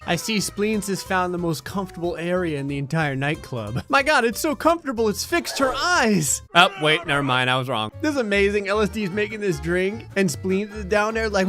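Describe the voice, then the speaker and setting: Brief: male gaming commentator, fairly high voice, joking and laughing, faint music under him. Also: normal speed, few pauses. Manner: joking, often laughing, animated bursts. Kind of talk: comedic gameplay commentary.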